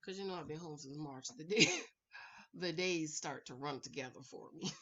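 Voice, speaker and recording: A woman's voice: low voice, normal speed, a bit bright, muffled recording. A woman recording a casual, sassy recap vlog at home, chatting to her viewers and calling them y'all, honey and girl. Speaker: reality TV recap vlogger.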